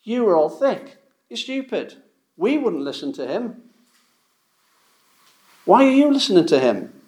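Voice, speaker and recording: A man's voice: high-pitched, sing-song, a little slow, a little mellow, echoey room, pitched above the performer's own voice. A male preacher voicing scornful, arrogant male religious leaders who mock the common people. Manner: scornful, mocking, talking down.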